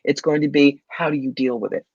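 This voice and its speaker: A woman's voice: low voice, fairly even intonation, a little fast, darkish tone, breathy edge, no echo, lo-fi sound. A woman giving psychic readings to viewers in a confident, familiar way, calling people darling. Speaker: psychic medium guest.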